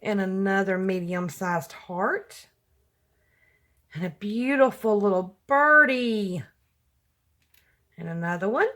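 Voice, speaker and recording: A middle-aged woman chatting through a craft mail unboxing, gushing, her voice jumping up high when she gets excited. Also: slow pace, pauses often. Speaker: craft vlogger. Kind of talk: casual unboxing chat.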